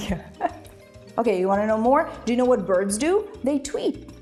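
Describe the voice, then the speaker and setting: A woman's voice: fairly high pitch, expressive, normal speed, a little mellow, soft background music. A young woman whose first language is Ukrainian, teaching English in a playful, chatty video lesson and laughing often. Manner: playful, laughs often, imitates animal sounds.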